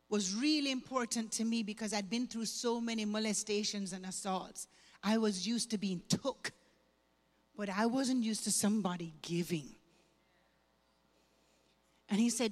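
A woman from Jamaica, a pastor telling her testimony as an animated, humorous and emotional story to a women's church event. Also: medium pitch. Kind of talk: sermon testimony told as a story. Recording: echoey hall reverb.

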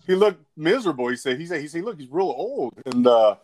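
A man's voice: fairly high pitch, animated, fairly quick, darkish tone, no echo. Rambling man retelling a friend's story. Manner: rambling anecdote, repeats words, acts out quotes. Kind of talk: casual chat.

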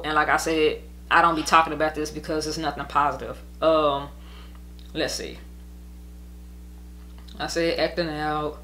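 A woman's voice: lowish voice, pushed and bright. A woman with a Southern US accent, venting in a casual monologue, frustrated and repetitive, swearing now and then. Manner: frustrated, repeats herself, swears. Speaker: podcast host.

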